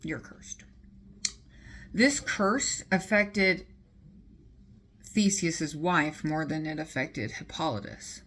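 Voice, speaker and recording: Casting: a woman vlogger, relaxed and chatty, slow delivery, slightly low pitch. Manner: chatty, lots of fillers and asides. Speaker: beauty vlogger. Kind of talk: casual storytelling while doing makeup.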